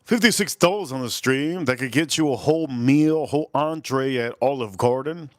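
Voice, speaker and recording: A man hosting a casual live-stream whiskey tasting, rambling and repeating phrases while giving shout-outs to his chat. His voice sounds a little deeper than usual, as if he is coming down with something. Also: moderate pace, no room sound, clean studio sound. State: voice turning deeper, feeling a bit ill.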